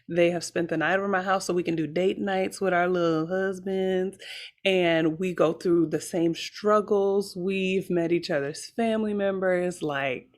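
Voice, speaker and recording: A woman opera singer and mother speaking in an earnest, reflective way in a casual panel chat. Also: lowish voice.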